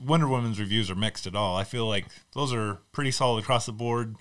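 Casting: male podcast co-host, dry quick wit, relaxed chat. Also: fairly low pitch. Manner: quick quips, wry jokes. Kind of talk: casual chat.

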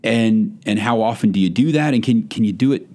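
Low-voiced folksy male host. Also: fairly quick, mellow. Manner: folksy, thoughtful questioning. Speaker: podcast host. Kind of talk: podcast interview.

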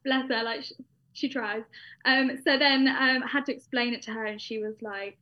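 A woman's voice: fairly high pitch, fairly even intonation, normal speed. Chatty young British woman, lo-fi. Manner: chatty, with frequent fillers and laughs. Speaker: guest. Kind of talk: casual personal storytelling. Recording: dull lo-fi sound.

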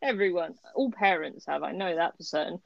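A woman's voice: fairly low pitch, animated, fairly quick, creaky, no room sound. A woman co-hosting a podcast, chatting casually and with animation about a story, often laughing as she talks. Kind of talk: casual chat reviewing a story. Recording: dry, slightly muffled lo-fi recording.

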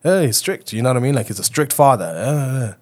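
A man co-hosting a podcast in casual chat, telling animated stories and acting out quoted voices, with some swearing. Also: medium pitch, very fast. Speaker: podcast co-host.

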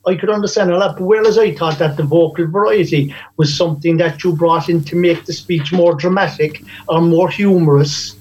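A man's voice: a little high, brisk, hardly any pauses, darkish tone, a little hiss or hum, rough recording. A man giving appreciative, rambling feedback to a fellow club member over a video call. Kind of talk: casual feedback.

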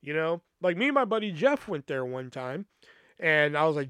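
A man's voice: on the high side, sing-song, moderate pace, sharp tone, smooth, no room sound, studio quality. A man hosting a podcast, telling a personal story in a rambling, casual way, swearing often and using many fillers. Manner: rambling, profane, lots of fillers. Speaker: podcast host.

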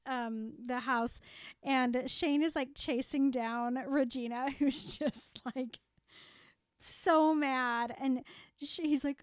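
A woman's voice: high voice, slow pace, clear, resonant tone, no room sound, clean studio sound. A woman co-hosting a casual chat, retelling a movie scene in a chatty way. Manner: chatty, laughs while retelling.

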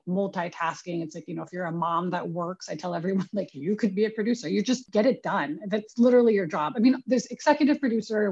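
A woman's voice: on the low side, a little mellow, slightly rough. A young woman, a film producer, chatting as a guest in a casual, self-deprecating way, full of "like", in a dull lo-fi recording. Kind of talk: casual interview storytelling.

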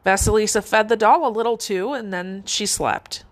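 A woman narrating a fairy tale in a measured, expressive way. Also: medium pitch. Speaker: storyteller.

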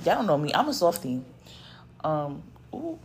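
A woman's voice: low voice, big pitch swings, normal speed, a little hiss or hum. A woman who gives spiritual readings, ranting bluntly to her followers and swearing constantly. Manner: blunt, profane and emphatic. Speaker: spiritual content creator and card reader. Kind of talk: unscripted rant to followers.

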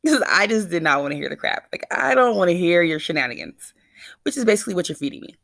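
A woman's voice: fairly low pitch, lively intonation, quick pace, gravelly, fairly bright tone, no echo, studio quality. A woman vlogger telling a rambling, anxious, self-questioning story straight to her viewers. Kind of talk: casual confessional storytelling.

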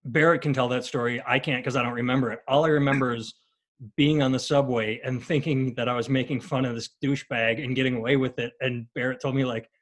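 A man in his late forties chatting with old college friends, dropping quick, wry remarks and steering the conversation. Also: mid-range voice, steady tone. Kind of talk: casual chat among old friends.

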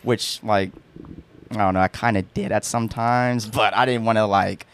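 A man's voice: fairly low pitch, steady tone, moderate pace, clear, resonant tone, no room sound. A young man, a podcast guest, telling a story in a rambling casual chat full of fillers and restarts. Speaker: podcast guest, haunt performer.

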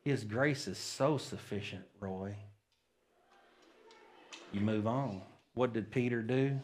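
A man's voice: fairly low pitch, takes it slowly, a little hiss or hum. A man preaching a sermon at a church service, plain-spoken and folksy, often checking in with the congregation. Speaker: pastor.

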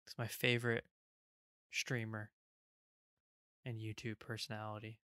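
A man's voice: fairly low pitch, completely flat delivery, unhurried, sharp tone, clean tone, no echo, studio quality. A man co-hosting a podcast, rambling easily in casual chat with lots of fillers. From England. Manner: easygoing, rambling with many fillers. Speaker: podcast co-host.

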